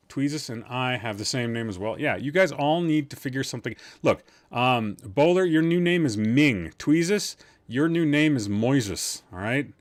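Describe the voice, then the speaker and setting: A man's voice: mid-range voice, animated, moderate pace, few pauses. A man hosting a live-streamed podcast from a room at home, chatting casually, rambling and teasing his chat with jokes.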